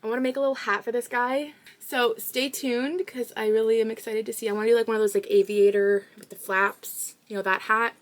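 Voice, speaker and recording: A woman's voice: a little high, fairly even intonation, brisk. A young woman from Canada, a crochet vlogger who chats casually and rambles with lots of fillers while she works, recorded on her phone. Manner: chatty and rambling, with many fillers.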